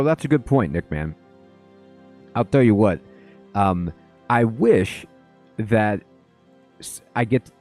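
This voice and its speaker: A man's voice: on the low side, dark tone. A man doing casual live commentary on a game, chatty and rambling, greeting viewers as he plays. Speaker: let's play streamer.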